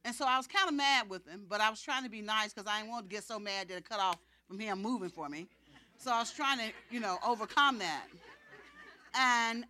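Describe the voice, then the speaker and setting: A woman giving an animated faith testimony to a congregation, often laughing and acting out the people in her story. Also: a little high.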